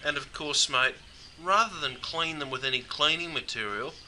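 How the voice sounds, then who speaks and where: A man's voice: a little high, normal speed, pushed and bright, a little hiss or hum. A man with an Australian accent presenting a humorous scripted slang lesson, laid-back and calling the listener "mate" over and over.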